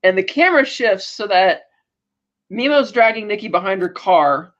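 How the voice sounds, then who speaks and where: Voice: medium pitch, expressive, normal speed, a bit bright. A podcast co-host talking through a TV episode in a casual, rambling way. Sentences restart and quoted lines get acted out along the way. The recording sounds muffled and lo-fi.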